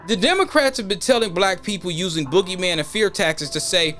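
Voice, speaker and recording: A man hosting a podcast in an animated opinion rant, mocking the voices he quotes. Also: high-pitched, brisk, soft background music. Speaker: podcast host. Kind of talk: casual opinion monologue.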